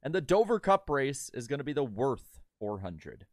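A man co-hosting a casual podcast who delivers a brisk, matter-of-fact news rundown. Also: mid-range voice, very animated, a little mellow. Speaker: podcast co-host.

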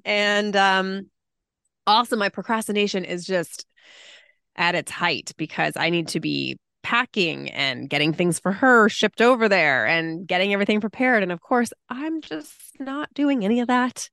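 A woman co-hosting a podcast in casual chat, talkative and quick to laugh. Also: medium pitch, lively intonation, gravelly, a bit bright, smooth, no echo, clean studio sound. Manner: chatty, laughs often, quick asides. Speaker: podcast co-host.

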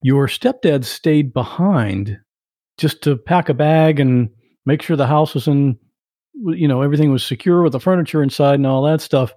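A man hosting a podcast interview, asking calm follow-up questions. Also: a little high, normal speed, dry recording, clean studio sound. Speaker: podcast host.

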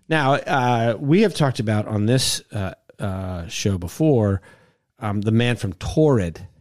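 Male podcast host, low voice, rambling storyteller, dry studio mic. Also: lively intonation, slow pace, darkish tone, dry recording. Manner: rambling, repeats words, acts out quotes. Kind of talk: casual storytelling chat.

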